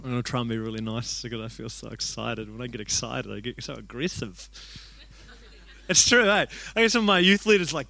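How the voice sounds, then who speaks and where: A young man, a youth pastor telling a story in an energetic sermon, excitable and shouting out the lines he quotes. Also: mid-range voice, a little fast, vocal fry. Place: church hall.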